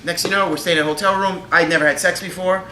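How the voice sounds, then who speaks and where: Fast-talking profane man in his thirties. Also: high voice, fairly even intonation, sharp tone, echoey room, a little hiss or hum, rough recording. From New York. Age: 30s. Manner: profane, rambling, laughing through his story. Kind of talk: crude storytelling banter.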